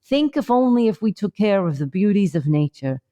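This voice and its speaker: With a warm, sing-song, mid-range voice at normal speed, a woman co-hosts a comedy podcast remotely during a vacation. Her mock-earnest mindfulness bit wanders, peppered with many fillers.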